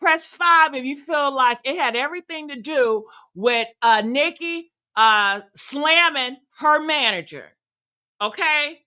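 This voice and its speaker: A woman's voice: high-pitched, lively intonation, slow, sharp tone. A woman in her sixties hosting casual commentary, brash, profane and sassy. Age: 60s. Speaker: commentary host.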